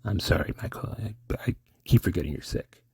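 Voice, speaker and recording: A man voicing a slow, eerie film mystery man, drawing out his words with a low, husky, gravelly voice. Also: expressive, a little mellow, dry recording, full character voice. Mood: apologetic. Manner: slow and deliberate.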